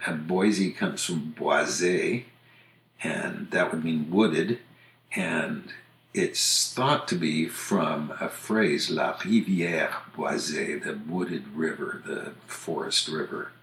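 A man from the United States hosting a podcast, casually explaining things in a measured way and spelling words out letter by letter. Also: rumbling low, gravelly, a bit bright, reverberant. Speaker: podcast host on English usage.

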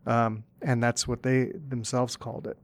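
A man's voice: medium pitch, flat delivery, moderate pace. A man co-hosting a casual podcast, talking hesitantly with frequent restarts and agreeable responses. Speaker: podcast co-host.

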